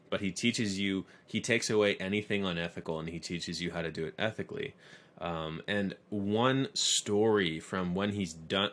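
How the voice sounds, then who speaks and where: This course instructor has a low-sitting, fairly bright voice. He teaches an online lesson by telling stories in a conversational way.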